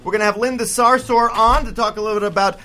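A man hosting a comedic radio show, talking loudly and indignantly with stammered repeats. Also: high voice, fairly even intonation, quick pace, soft background music. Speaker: podcast host.

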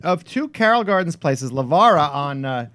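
A man co-hosting a casual news show, quizzing his partner in a teasing, animated way. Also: a little high, normal speed, dry recording. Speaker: co-host. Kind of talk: casual radio-style news quiz banter.

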